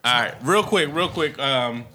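A man hosting a casual podcast, briskly steering the talk along. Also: medium pitch, lively intonation, sharp tone. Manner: brisk, keeps the show moving. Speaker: podcast host.

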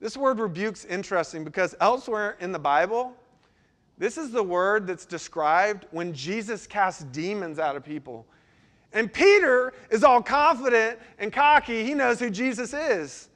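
A man pastor preaching a sermon, swinging between lively emphasis and quiet, intense passages. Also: high-pitched, moderate pace. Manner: dynamic delivery, sudden drops to quiet intensity.

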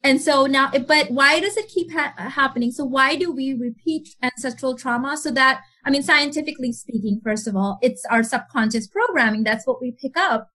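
A woman speaking as a mentor guest in a podcast interview, animated, acting out other people's voices and laughing often. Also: high voice, moderate pace, hardly any pauses.

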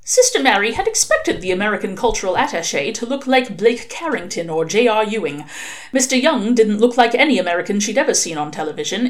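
A woman reads a novel aloud with wry, expressive storytelling. Her voice sits at an ordinary pitch but moves a lot, rising and falling through each sentence. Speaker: reader.

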